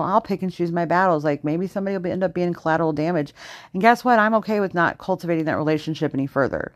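A woman's voice: sits low, no echo, studio quality. A woman hosting her own unedited podcast, ranting with heavy swearing and sudden jumps between exasperation and sarcasm. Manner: profane, fast-shifting, venting with heavy swearing. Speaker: podcast host. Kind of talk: unedited solo podcast rant.

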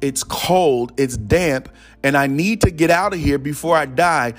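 A man voicing a frantic young man trapped in a hole, who shouts in disbelief. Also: on the high side, measured pace, faint music behind, pitched above the performer's own voice, lightly acted. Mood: exasperated. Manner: pleading, then shouting in disbelief.

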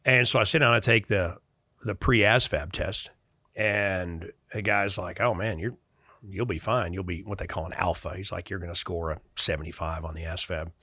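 Man, from Chicago, middle-aged, animated storytelling, bright tone. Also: deep voice, moderate pace, breathy edge, no echo, clean studio sound. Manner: animated, acts out quoted dialogue. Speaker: guest. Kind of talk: casual storytelling in conversation.

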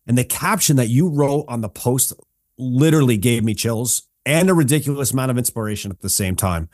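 A man hosting a podcast interview, upbeat and energetic as he welcomes his guest. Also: mid-range voice, fairly quick, dry recording, studio quality. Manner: energetic, excitable. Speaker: podcast host.

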